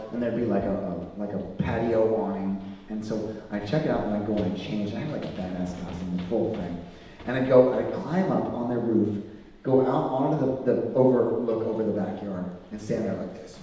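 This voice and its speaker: A man's voice: medium pitch, warm tone. A man doing stand-up comedy, telling an anecdote with lots of fillers on a club stage. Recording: echoey hall, distant mic, audience.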